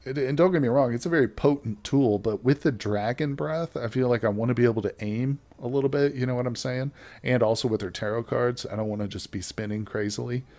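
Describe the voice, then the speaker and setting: A man's voice: mid-range voice, brisk, a little mellow. A man giving casual, chatty gameplay commentary as a let's play host, joking with his viewers as he plays.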